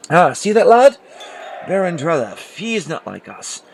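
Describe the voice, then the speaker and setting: A man's voice: fairly high pitch, sing-song, measured pace, creaky, slight background noise, heavily acted. A man voicing a friendly, blunt mercenary captain who has just become a baron, talking in a chummy, conspiratorial way.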